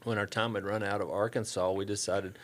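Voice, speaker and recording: Low-voiced Southern man telling stories. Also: brisk. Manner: relaxed, folksy anecdotes with quoted dialogue. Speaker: church staff guest. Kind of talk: casual storytelling interview.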